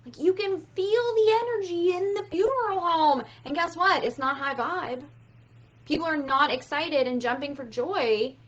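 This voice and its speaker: High-voiced woman coach, lively and profane, casual pep talk, a bit lo-fi. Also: moderate pace. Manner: animated, swears freely, acts out quotes. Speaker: business coach.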